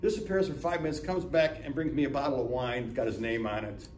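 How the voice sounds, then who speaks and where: This fairly quick, medium-pitched, darkish voice belongs to a man in his seventies from Northeast Ohio, USA, who is a guest speaker giving a business lunch talk as a chatty storyteller who acts out dialogue and often asks "right?". The room is echoey and the mic sits far away.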